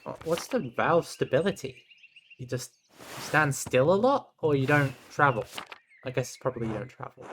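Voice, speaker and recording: Lively young man streaming a game. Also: mid-range voice, moderate pace, slight background noise. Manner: chatty, reacts aloud and reads game text. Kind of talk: casual gaming commentary.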